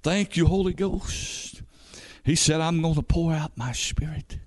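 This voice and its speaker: A man preaching a revival sermon as an evangelist, fervent and peppered with hallelujahs, building up to shouts. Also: on the high side, fairly even intonation, unhurried.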